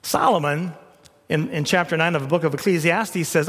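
A man preaching a sermon as pastor, dramatic, swinging from loud emphasis to near whispers. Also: a little high, moderate pace, husky, long reverb tail.

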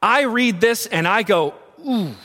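High-voiced pastor preaching slowly. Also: male voice, expressive, a bit bright, in a large hall. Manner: emphatic, asks the congregation questions. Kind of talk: sermon.

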